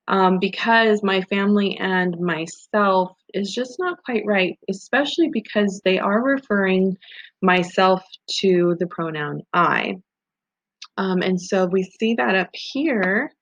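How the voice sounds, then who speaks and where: A woman teacher giving a recorded grammar lesson, patient and methodical, walking through examples step by step. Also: medium pitch. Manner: patient, methodical, talks through on-screen steps. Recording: slightly dull lo-fi audio.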